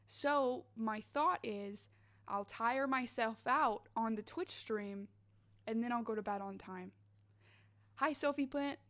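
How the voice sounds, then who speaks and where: A woman livestreamer in a casual late-night chat with her viewers, bubbly and rambling, wired and restless after coffee. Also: fairly high pitch. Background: faint background music.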